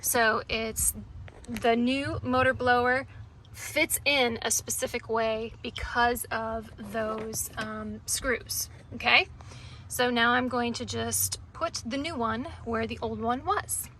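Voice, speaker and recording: A woman's voice: a little high, steady tone, slow, bright, forceful tone, a little hiss or hum. A woman talking viewers through a repair in her pickup truck in a casual how-to vlog, chatty and emotional. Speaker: DIY vlogger.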